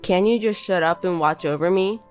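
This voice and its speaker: Bossy insulting husband, read by a woman in a lowish voice, cold and belittling. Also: moderate pace, faint music behind, natural voice. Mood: contemptuous. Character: scornful insulting young husband. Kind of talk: reading a text-message story.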